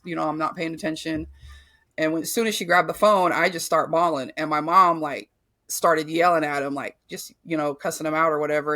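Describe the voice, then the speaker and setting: A woman's voice: low-pitched, a bit bright. A woman in her thirties frankly telling her own life story as a podcast host, cursing freely and restarting her sentences often. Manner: frank, profane, full of fillers and restarts. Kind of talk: candid personal storytelling.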